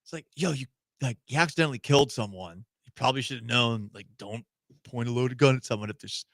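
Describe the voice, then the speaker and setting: A man's voice: medium pitch, fast, creaky, fairly bright tone, no room sound. A man hosting a sports radio show, chatting casually and mocking celebrity news with sarcasm. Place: radio studio. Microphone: studio microphone.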